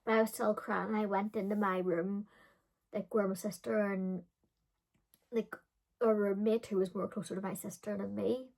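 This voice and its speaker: A woman's voice: mid-range voice, level tone, normal speed, creaky, a little mellow. A woman in her thirties telling a personal story in a chatty, dramatic way, full of filler words. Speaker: vlogger. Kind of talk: casual storytime chat.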